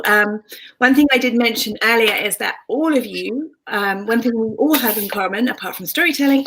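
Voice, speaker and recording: A middle-aged woman hosting a streamed storytelling show, friendly and relaxed with some ums, over a video call. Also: medium pitch, poor audio. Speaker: host.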